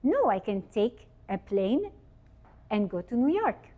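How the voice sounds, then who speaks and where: Lively woman giving a holiday talk. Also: a little high, unhurried. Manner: lively, asks the audience questions. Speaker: speaker giving a Torah talk. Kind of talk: informal religious teaching. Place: event hall with audience.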